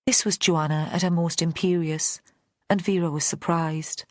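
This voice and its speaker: Woman audiobook narrator, low voice, measured delivery, dry close sound. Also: steady tone, no echo. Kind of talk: scripted narration.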